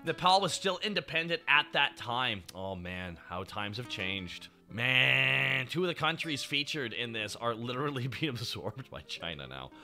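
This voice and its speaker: A man streaming, chatting with his chat in an animated way, swearing and laughing often. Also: medium pitch, moderate pace, hardly any pauses, soft background music. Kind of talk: casual chat.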